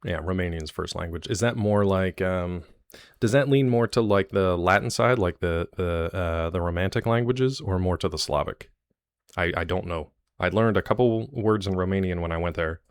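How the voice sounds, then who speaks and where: A man's voice: sits low, moderate pace, smooth, dry recording. A man streaming live, chatting loosely with his viewers in a jokey, rambling way.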